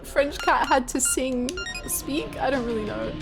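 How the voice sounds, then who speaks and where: A woman's voice: high-pitched, unhurried. A woman streaming a video game live, reacting playfully and laughing often as she comments. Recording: clear game music behind voice.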